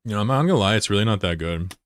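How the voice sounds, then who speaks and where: A man's voice: fairly low pitch, animated, racing. A man in his thirties casually commentating his live gameplay, loose and profane, giggling and bantering with chat. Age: 30s. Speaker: streamer.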